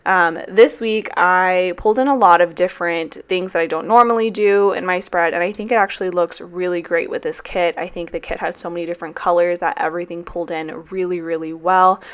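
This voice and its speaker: A woman's voice: fairly low pitch, fairly even intonation, a little fast, hardly any pauses, clear, resonant tone. A woman in her twenties chatting casually in a voiceover for her planner vlog. She is tired and drained, and she rambles and swears freely. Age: 20s. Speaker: planner vlogger and teacher.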